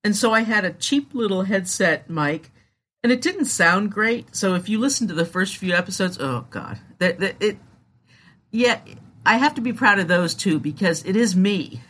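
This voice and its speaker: A woman's voice: medium pitch, expressive, moderate pace, fairly bright tone, slightly rough. A woman hosting her own podcast, talking candidly and in a rambling way about her show. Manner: candid, rambling, self-deprecating. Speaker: podcast host. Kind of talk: casual solo podcast talk.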